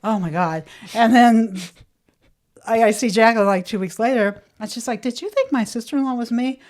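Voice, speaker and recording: A middle-aged woman co-hosting a podcast, animated and laughing as she tells a story and acts out the voices. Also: a little high, normal speed. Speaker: podcast co-host. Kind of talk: casual chat.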